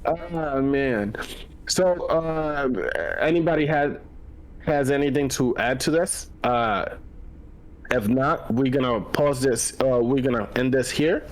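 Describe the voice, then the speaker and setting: A man hosting a casual podcast chat, excitable and stammering as he argues his point. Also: mid-range voice. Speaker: podcast host.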